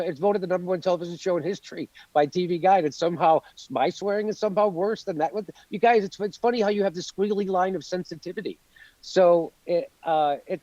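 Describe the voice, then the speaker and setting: A man's voice: fairly high pitch, warm tone, no echo, lo-fi sound. A man in an interview, ranting in a sarcastic, profane, worked-up way. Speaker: guest comedian. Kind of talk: animated interview rant.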